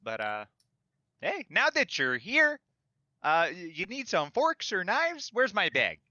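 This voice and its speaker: A man's voice: high-pitched, slow, no room sound, dull audio. A man playing a tabletop game, joking and talking in character as a shifty merchant. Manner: animated, joking. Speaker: player.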